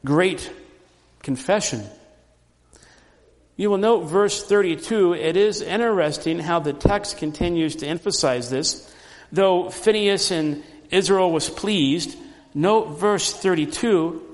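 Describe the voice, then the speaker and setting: A man gives a sermon at an unhurried, deliberate pace, his fairly high voice carried by a long reverb as in a large hall. He explains a text step by step and swells to loud, passionate repetition of key phrases. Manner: emphatic preaching, rising loud on repeated phrases. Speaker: pastor.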